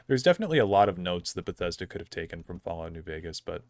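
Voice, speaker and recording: A man's voice: sits low, sing-song, racing, no room sound, clean studio sound. A young man streaming a game, chatting casually in a rambling, opinionated way full of fillers. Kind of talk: casual gameplay commentary.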